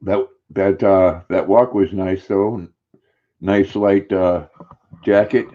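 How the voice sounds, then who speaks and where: Older man, casual live-stream chat, low voice, cheerful greetings, slightly muffled lo-fi sound. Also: steady tone, takes it slowly. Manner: cheerful greetings, coos softly to his dog. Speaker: vlogger greeting live viewers.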